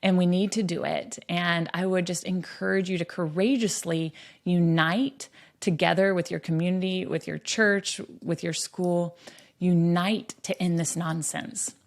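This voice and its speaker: Woman with a lowish voice. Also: fairly even intonation, a little slow, gravelly. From western North Carolina, USA. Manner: earnest, storytelling, frequent um fillers. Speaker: podcast host. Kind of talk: earnest conversational monologue.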